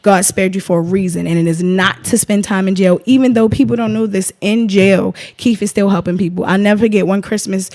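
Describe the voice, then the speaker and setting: A woman's voice: mid-range voice, steady tone, fairly quick, hardly any pauses, darkish tone. A woman, speaking as a guest in an emotional interview, impassioned and defiant, often retelling what others said.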